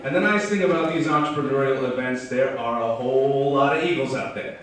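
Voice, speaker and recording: A man telling a folksy, lively story from the stage, keynote style. His voice sits at a middle pitch and fills a large hall full of echo. It is picked up from well back. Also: fairly quick, a faint crowd. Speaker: speaker at a business start-up event. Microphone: distant from the mic. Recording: echoey hall from far off.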